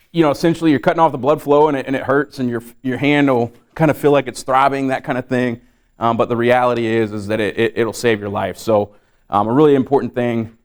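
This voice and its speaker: A man giving a live safety training to a room of trainees, talking in a loose, conversational way full of fillers and repeated words. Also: mid-range voice.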